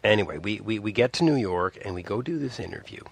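A man's voice: expressive, fast, creaky, slightly rough. A man in his fifties from Montreal, casually telling a personal story in a rambling way, restarting often and acting out the people he quotes. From Montreal, Canada. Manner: rambling, with many restarts and asides; acts out quoted people with big pitch jumps.

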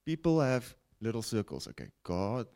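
A man preaching a broadcast sermon, with animated rises and falls and frequent "okay?" check-ins to his listeners. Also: mid-range voice, normal speed. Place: broadcast teaching setting.

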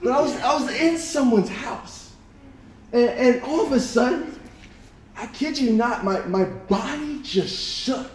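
High-voiced young preacher, animated and echoey. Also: male voice, measured pace, slight background noise. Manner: animated, repeats words, laughs while telling stories. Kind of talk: sermon with storytelling. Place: church hall. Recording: echoey room with a congregation. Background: congregation responding.

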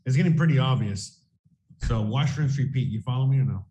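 A man's voice: mid-range voice, brisk, mellow, dull audio. A man co-hosting a casual crypto livestream, rambling and swearing, full of "you know what I mean.".

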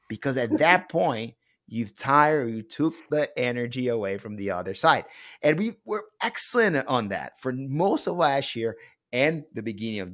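A man co-hosting a casual sports podcast, opinionated and breaking into quick laughs. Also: medium pitch, a bit bright. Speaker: podcast co-host.

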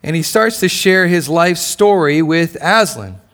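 A male pastor preaching a sermon, swinging between loud declarations and soft, close lines. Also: on the high side, animated, a little slow.

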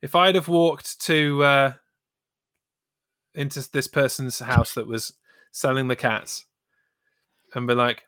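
Male co-host, measured and deliberate, mid pitch, dry close sound. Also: steady tone, fairly bright tone, clear, resonant tone, no room sound. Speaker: podcast co-host. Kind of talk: casual chat.

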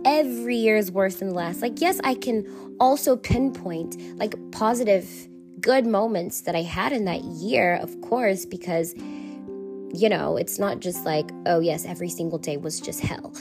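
A woman's voice: mid-range voice, a little slow, music in the background. A woman hosting her own podcast, talking openly and emotionally in a rambling, repetitive way. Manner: candid, emotional, rambling with repeated phrases. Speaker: podcast host. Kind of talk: confessional solo podcast.

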